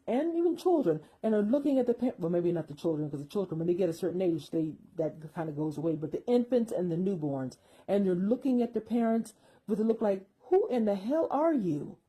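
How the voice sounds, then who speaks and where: Husky-voiced woman, emphatic monologue. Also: medium pitch, poor audio. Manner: emphatic and repetitive, forceful dismissals. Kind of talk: opinionated spoken monologue.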